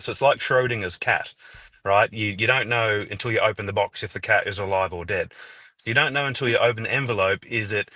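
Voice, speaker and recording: Aussie guy cracking deadpan jokes, bright voice, dry close sound. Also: on the low side, no echo. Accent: Australian. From Melbourne, Australia. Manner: joking, teasing, deadpan asides. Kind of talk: casual livestream banter.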